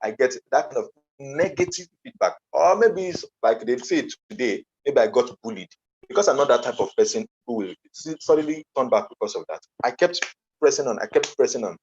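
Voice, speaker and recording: A man's voice: medium pitch, animated, a little fast, a little mellow, husky. A man with a Nigerian accent giving an earnest motivational conference talk as a coach, emphatic and repeating his key phrases. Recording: dull lo-fi online conference audio.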